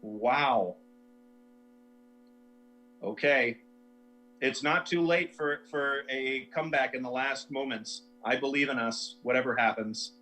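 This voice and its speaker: A man's voice: mid-range voice, slow, pauses often, pushed and bright, faint music behind, poor audio. A man hosting a comedy livestream, rambling through viewer suggestions with self-mocking asides. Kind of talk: casual livestream chat.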